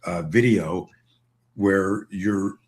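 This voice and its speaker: A man's voice: low-pitched, very slow. A man with a Canadian American accent, talking casually as a co-host, emphatic and full of restarts. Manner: rambling, emphatic, many restarts. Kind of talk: casual video call conversation.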